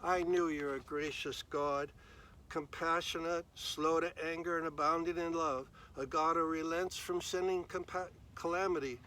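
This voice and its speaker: A sulking prophet full of complaint and self-pity, as a man retells the story. He talks in a slightly high voice and grumbles petulantly, like a man fed up with everything. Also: steady tone, moderate pace, pushed and bright. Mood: bitter. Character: sulking angry male prophet, self-pitying.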